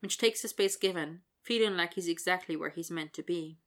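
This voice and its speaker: A woman reading fiction aloud in an even, expressive storytelling style. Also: lowish voice, brisk, background noise. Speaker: narrator.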